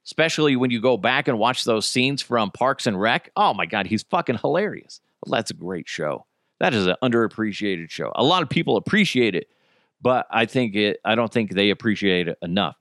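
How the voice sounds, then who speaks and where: Animated, profane male podcast host. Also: on the low side, moderate pace, no echo, clean studio sound. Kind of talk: casual comedic chat.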